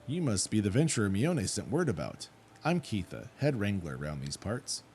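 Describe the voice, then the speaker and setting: A man reading out a gruff, rustic woman who runs a chocobo ranch in a fantasy game, with blunt folksy speech. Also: on the low side, sing-song, moderate pace, darkish tone, slight background noise. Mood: welcoming.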